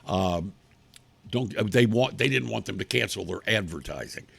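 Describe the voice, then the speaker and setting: A man's voice: on the low side, expressive, normal speed, vocal fry, fairly bright tone, husky. A man hosting a talk show from his living room, rambling bluntly and crudely with many restarts. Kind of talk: casual rambling monologue on a livestream.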